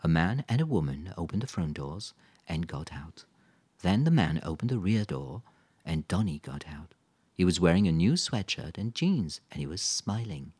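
Deep, husky male audiobook narrator. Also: big pitch swings, normal speed, a little mellow.

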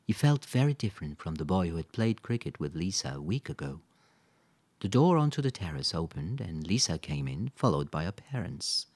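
Deep, husky male audiobook narrator. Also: very animated, normal speed, darkish tone.

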